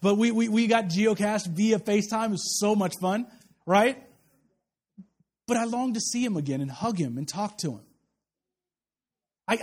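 High-voiced man preaching animatedly. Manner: animated, conversational preaching with acted-out asides. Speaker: pastor. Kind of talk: sermon.

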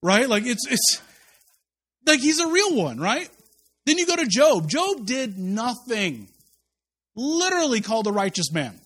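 A man's voice: very high voice, big pitch swings, measured pace, long pauses, fairly bright tone. A male pastor preaching a casual, joking sermon, acting out quotes in a conversational way.

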